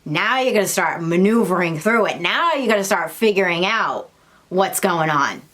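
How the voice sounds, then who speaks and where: A young woman with a lowish, expressive, slightly bright voice talks at a normal speed to her viewers about spiritual awakening. As a spiritual vlogger chatting casually to camera, she's blunt and swears freely, laughing and sometimes acting out other people's voices.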